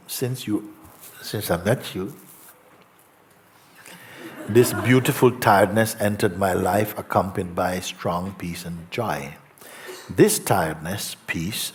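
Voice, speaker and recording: Low-voiced man teaching real slow and soft, faint hiss behind. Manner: slow, gentle, soft-spoken with long pauses. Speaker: spiritual teacher. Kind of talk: satsang talk, reading a letter aloud. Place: outdoor gathering with faint ambience.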